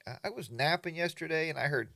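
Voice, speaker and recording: A man's voice: a little high, lively intonation, fast talker, creaky, background noise. A man hosting a casual morning livestream from his home studio, greeting viewers by name and rambling along with plenty of fillers. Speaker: livestream host.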